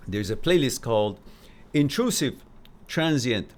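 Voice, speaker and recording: Animated male live stream host. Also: mid-range voice, unhurried. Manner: animated storyteller, swinging between loud emphasis and quiet asides. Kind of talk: casual talk to a live stream audience.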